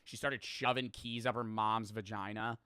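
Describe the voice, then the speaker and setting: A man's voice: on the low side, flat delivery, bright, forceful tone, clear, resonant tone, dry recording, clean studio sound. A man hosting a reaction video, rambling casually, swearing and joking about himself. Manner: rambling, profane, self-deprecating, quick to laugh.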